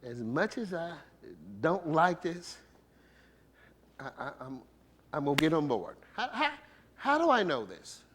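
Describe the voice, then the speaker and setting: Lively high-voiced male preacher. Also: measured pace, long pauses, a little hiss or hum. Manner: conversational, playful preaching with rhetorical questions and laughter. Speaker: bishop preaching. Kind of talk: sermon.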